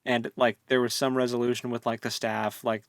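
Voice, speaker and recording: A man's voice: mid-range voice, flat delivery, fairly quick, dry recording, studio quality. A man co-hosting a podcast, chatting casually and rambling about a book, laughing often. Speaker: podcast co-host.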